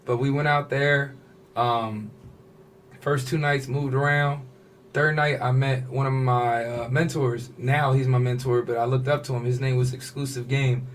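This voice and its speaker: A man in the middle of his pitch range tells a long personal story with relaxed street slang. He keeps the tale moving by slipping into the voices of the people in it. A faint hiss sits under his talk. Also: unhurried. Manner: animated storyteller, slips into quoted voices, casual slang. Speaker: fashion designer, podcast guest.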